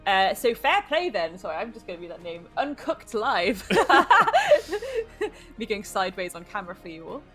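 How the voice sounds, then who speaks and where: A British woman casts a live esports match, chatty and quick to laugh, her pitch sitting in the middle of the usual range. Faint music plays behind her. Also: animated, breathy edge. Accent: British English. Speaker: esports caster. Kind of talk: live tournament commentary.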